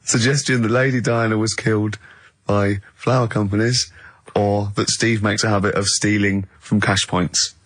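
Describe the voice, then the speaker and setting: A man with an English accent hosting a comedic radio show, telling stories with animated disbelief and frequent laughter. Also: on the low side, moderate pace, no room sound. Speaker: radio host.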